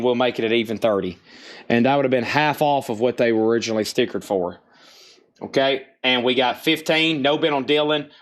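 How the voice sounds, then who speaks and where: A man hosting a live-streamed vinyl record sale, briskly rattling off album titles, starting bids and who bought what. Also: medium pitch. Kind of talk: live-stream auction patter.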